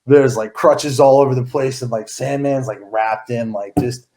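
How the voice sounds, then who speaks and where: A man's voice: medium pitch, fairly even intonation, moderate pace, darkish tone. A man in his thirties, an interview guest, telling stories in a rambling casual way with many fillers and restarts.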